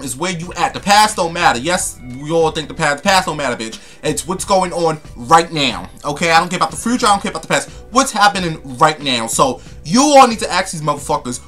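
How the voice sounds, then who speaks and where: A man's voice: a little high, sharp tone. A young man, ranting to camera in a sassy, profane, emphatic way. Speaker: vlogger. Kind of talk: casual rant to camera.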